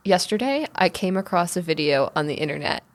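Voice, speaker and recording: Chatty woman with a lowish voice. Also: a little fast. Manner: chatty, relaxed storytelling. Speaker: podcast co-host. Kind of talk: casual chat.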